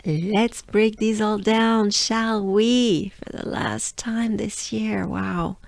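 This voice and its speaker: Slow, gravelly French woman coaching. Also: medium pitch, steady tone, dry recording. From France. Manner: patient, drills sounds slowly with repetitions. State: tired voice. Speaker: pronunciation coach. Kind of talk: pronunciation lesson.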